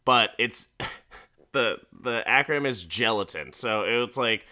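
Bright-voiced man casually recapping a show. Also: medium pitch, lively intonation, normal speed. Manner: rambling, profane, laughing, acts out quotes.

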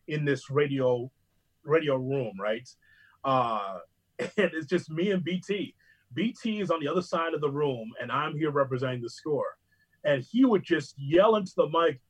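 A man who hosts sports radio, telling stories in a casual chat with another host, animated and quick to mimic other broadcasters. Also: a little high, slightly rough, rough recording.

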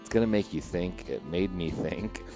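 A man's voice: sits low, moderate pace, over music. A man from the Chicago area hosting a casual podcast, telling stories animatedly and laughing often. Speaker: podcast host.

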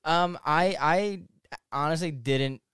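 A man's voice: fairly high pitch, clean tone, dry recording, studio quality. A man hosting a casual podcast chat, talking animatedly and swearing freely. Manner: animated, swearing, quick laughs. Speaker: podcast host.

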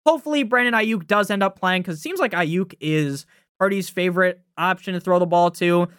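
Swearing constantly and talking fast, this young fantasy football podcaster rants casually and keeps tossing in "right?" His high voice is a bit bright, clear, and resonant, recorded dry with clean studio quality.

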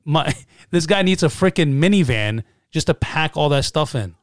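A young man co-hosting a casual podcast with his brother, joking and telling animated stories. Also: a little high, moderate pace, no echo, clean studio sound. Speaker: podcast co-host. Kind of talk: casual chat.

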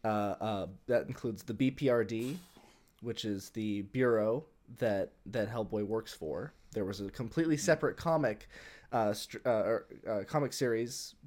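A man's voice: fairly low pitch, normal speed, darkish tone. A man co-hosting a podcast in casual chat, rambling with many fillers and restarts. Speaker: podcast co-host.

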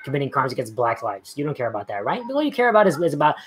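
A man's voice: medium pitch, very animated, racing, over a noisy crowd. A man in a heated online debate, combative and talking over his opponent. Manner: combative, talks over the other, demands precision.

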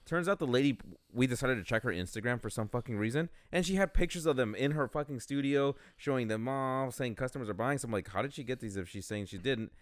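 A man's voice: mid-range voice, expressive, quick pace, few pauses, dry recording, clean studio sound. A young man in casual chat who swears freely and reacts with short remarks.

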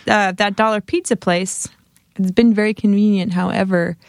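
Woman, thirties, casual storyteller, filler-heavy, vocal fry, dry close sound. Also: medium pitch, normal speed, dry recording. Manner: animated, many fillers, acts out quotes. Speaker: podcast guest, singer-songwriter.

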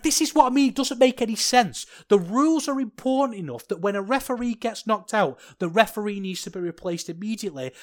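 A man hosting a solo podcast, talking in an animated, ranting way that swings from worked-up to sheepish. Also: sits high. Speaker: podcast host.

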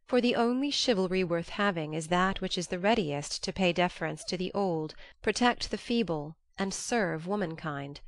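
A woman narrating an audiobook in a measured, gently earnest way. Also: lowish voice, no room sound. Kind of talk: audiobook reading.

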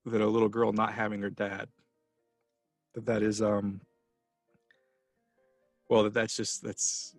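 A man's voice: fairly low pitch, no room sound, studio quality. A man hosting a casual film podcast, talking passionately and rambling with restarts as he gets emotional. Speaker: podcast host.

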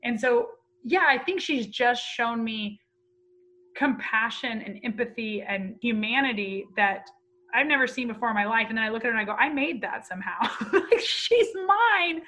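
Woman, thirties, bright tone, slightly high voice, candid heartfelt storytelling. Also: normal speed, low-quality recording. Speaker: guest. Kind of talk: emotional personal interview talk.

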